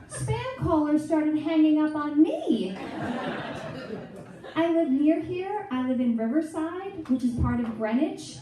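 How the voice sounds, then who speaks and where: A woman's voice: high voice, expressive, slow, noisy background. A woman performing a chatty, self-mocking stand-up comedy set on a club stage. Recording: echoey club audio from far off, loud crowd. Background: audience laughter.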